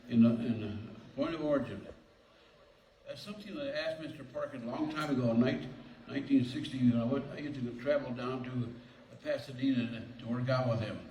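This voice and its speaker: Elderly man, award acceptance speech, halting restarts, roomy hall, heard from afar. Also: medium pitch, a little hiss or hum. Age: 80s. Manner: rambling, halting, with many restarts; nervous and excited. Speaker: lifetime achievement award recipient. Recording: echoey hall from far off, faint ambience.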